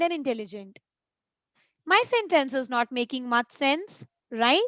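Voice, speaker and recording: High-voiced patient woman teaching grammar online. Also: a bit bright, no echo. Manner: patient, explains slowly and repeats points; reads example sentences aloud with deliberate pauses. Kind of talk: live online grammar class. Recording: dry, slightly dull lo-fi audio.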